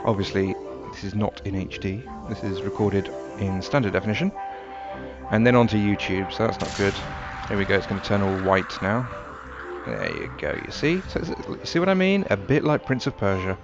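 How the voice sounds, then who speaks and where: Low-voiced man, wry gameplay chatter. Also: moderate pace. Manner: relaxed, wry, rambling. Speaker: gameplay commentator. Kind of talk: casual gameplay commentary. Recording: dull lo-fi sound with game music behind. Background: game music.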